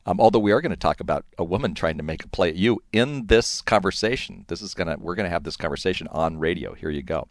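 A man's voice: low voice, expressive, fast talker, hardly any pauses, no echo, studio quality. A middle-aged man hosting a radio show, introducing his guest and bantering with him. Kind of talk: radio interview.

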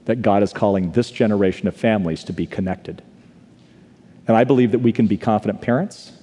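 A man's voice: on the low side, dark tone, breathy edge. A man telling a personal story during a live sermon in a large church, earnest and confessional, building to repeated declarations. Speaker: speaker. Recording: live hall recording.

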